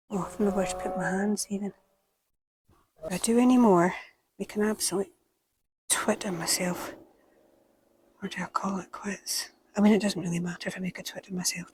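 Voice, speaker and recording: A woman with a British accent hosting a gardening vlog outdoors at an allotment, talking to camera and often dropping to a hushed whisper. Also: mid-range voice, a little hiss or hum. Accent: British English. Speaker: gardening channel host. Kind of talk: casual vlog talk to camera. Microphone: small clip-on microphone.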